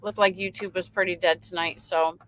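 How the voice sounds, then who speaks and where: A woman's voice: fairly low pitch, fairly even intonation, normal speed, fairly bright tone, no room sound, rough recording. A woman from Michigan hosting a late-night trucking livestream, chatting casually, reading viewer comments aloud and laughing often. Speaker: livestream host. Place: in her truck.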